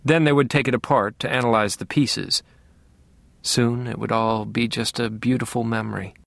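A man's voice: medium pitch, steady tone, normal speed, creaky, a bit bright, dry recording, studio quality. Wry man narrating an audiobook. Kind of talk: first-person scripted narration.

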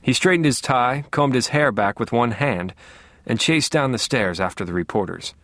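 A man's voice: mid-range voice, expressive, moderate pace, a bit bright, dry recording. Wry man narrating an audiobook. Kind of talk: first-person scripted narration.

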